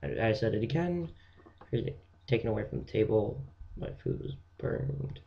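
A teenage boy rambling through a jokey comic rant, dropping into hushed whispered asides. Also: medium pitch, animated, moderate pace, creaky, lo-fi sound. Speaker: vlogger.

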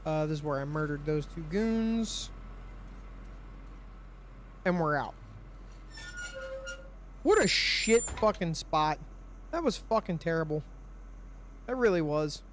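A man's voice: fairly high pitch, lively intonation, slow, pauses often, slight background noise. Profane, frustrated man doing gameplay commentary. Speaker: gaming channel host. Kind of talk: let's play commentary.

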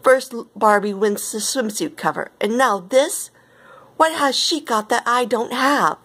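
A woman's voice: fairly high pitch, a little slow, a bit bright, breathy edge, pitched above the performer's own voice. A woman voicing a vain, jealous young rival model with a smug, sulky manner in a read-aloud storybook.

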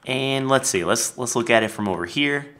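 A man casually commenting on his building as he plays a game, chatty and lively. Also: mid-range voice, normal speed. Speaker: Minecraft let's player.

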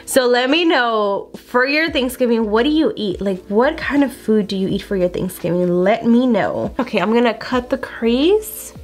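A young woman with a fairly high voice chats while doing her makeup for her own channel. She is animated and casual, filling her talk with "like" and "girl" and acting out what people said. She sounds close to the camera mic, at home. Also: moderate pace, hardly any pauses. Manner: animated, lots of "like" and "girl", acts out quotes. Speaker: beauty vlogger. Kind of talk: chatty get-ready-with-me storytelling.

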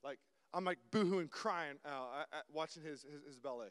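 A young man giving an animated sermon-style talk, often repeating words and dropping from loud to hushed. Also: fairly high pitch, moderate pace, clean tone, in a large hall. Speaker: guest speaker.

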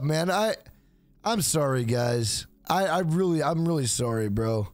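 Tired dude on stream, highish voice that swings around, keeps trailing off and repeating bro, dry close mic. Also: male voice, expressive, unhurried, no echo. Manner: weary and mumbling, trailing off low, repeats himself with "bro". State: exhausted. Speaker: gaming streamer. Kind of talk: casual live-stream chat.

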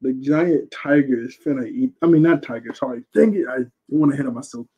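A young man recaps a movie in a loose, rambling way and keeps correcting himself. His voice is mellow and a bit husky. It comes through as a dull, lo-fi recording. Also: medium pitch, fairly quick. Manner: rambling, slangy, self-correcting. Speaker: reviewer.

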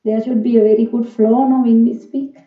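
Woman learner on a practice call, slow, lots of uh's and restarts, tinny phone sound, echoey. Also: a little high, little pitch movement. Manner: hesitant, with many fillers and restarts. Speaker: English learner. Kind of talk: casual conversation practice call. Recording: tinny phone line, echoey room, far from the mic.

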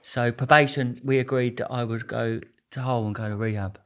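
A man's voice: mid-range voice, fairly even intonation, normal speed. A man being interviewed as a guest, telling his story in a rambling, jokey way. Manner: rambling, jokey, restarts a lot.

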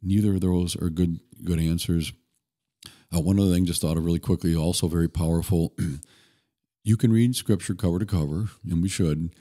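Deep-voiced man telling a story. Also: moderate pace. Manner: earnest, relaxed anecdotal delivery with occasional restarts. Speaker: podcast guest. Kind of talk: conversational storytelling.

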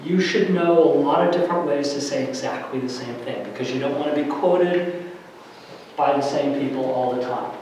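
A middle-aged man giving a lively workshop lecture to faculty, varying his loudness for emphasis, with many fillers. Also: medium pitch, normal speed, a little hiss or hum. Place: large lecture room. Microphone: distant room mic. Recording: very echoey hall from far off.

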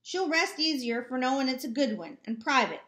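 A woman reading the part of a weary, stubborn old farmer father in a slow, plaintive way, in a roomy home recording. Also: high-pitched, big pitch swings, fairly bright tone. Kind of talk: amateur audiobook reading.

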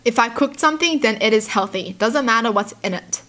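A young woman from Australia reading tweets aloud and reacting in a giggly, animated way. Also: fairly high pitch, normal speed. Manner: giggly, animated, squeals in disbelief. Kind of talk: casual reaction commentary.

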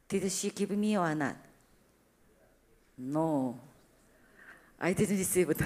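A woman's voice: fairly low pitch, animated, takes it slowly, pauses often. Woman, Korean accent, middle-aged, preaching, acts out dialogue, simple broken English. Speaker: church speaker. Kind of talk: sermon with anecdotes.

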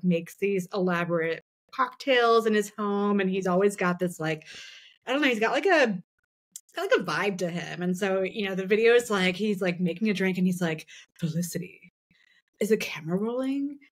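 A woman co-hosting a podcast in casual chat, talking freely with many "like" fillers. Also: medium pitch. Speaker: podcast co-host.

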